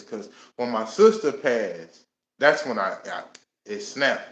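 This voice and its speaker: A man's voice: medium pitch, unhurried. Man telling his life story, echoey room. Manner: casual and animated, with many laughs and voiced asides. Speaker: host. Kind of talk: personal storytelling.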